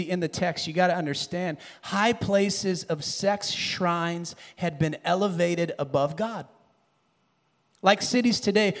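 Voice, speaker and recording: High-voiced preacher in a reverberant hall. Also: male voice. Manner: animated, rises to shouted emphasis and drops low. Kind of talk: sermon.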